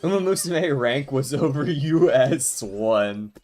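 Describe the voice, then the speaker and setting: Here a gamer with a mid-range, darkish voice takes his time, his intonation lively. He chats loosely with viewers during the stream, often laughing and wondering aloud.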